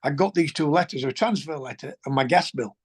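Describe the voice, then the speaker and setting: A man, a former footballer telling colloquial, animated anecdotes as an interview guest. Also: a little high, a little fast, husky. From England. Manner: animated, colloquial, swears, restarts sentences. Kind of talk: anecdotal storytelling.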